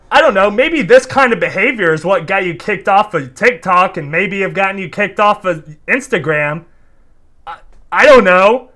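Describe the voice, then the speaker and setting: A young man with a high voice delivers heated reaction commentary. He rants in disbelief, swears freely and keeps tagging "dude" onto his lines. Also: lively intonation, moderate pace, bright, forceful tone. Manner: exasperated, ranting, swearing, repeats "dude". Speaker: commentary YouTuber reacting to clips.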